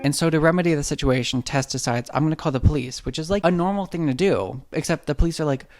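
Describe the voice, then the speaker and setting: A man's voice: on the high side, quick pace, few pauses, darkish tone. A man hosting a comedic movie recap, talking casually with irreverent, slangy jokes and playing the characters' lines himself.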